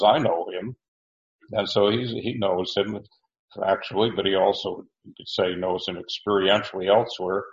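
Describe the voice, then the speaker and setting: A man teaching a Bible study, reading verses aloud and explaining them in a halting way, full of fillers and restarts. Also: fairly low pitch. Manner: reads verses aloud, then explains the Greek words. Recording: roomy, dull lo-fi recording.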